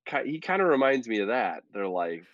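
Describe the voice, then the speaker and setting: A man's voice: medium pitch, sing-song, fairly quick, a bit bright, no echo. A man co-hosting a podcast, chatting casually about sports in a joking, rambling, self-deprecating way. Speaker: podcast co-host. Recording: dull lo-fi dry audio.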